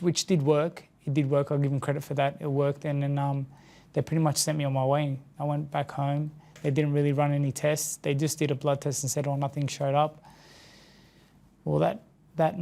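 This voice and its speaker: An Australian man recounting a hard personal story in an interview, in a halting, earnest way that often repeats words and restarts. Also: medium pitch, creaky, mellow. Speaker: interview guest. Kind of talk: emotional personal account in an interview.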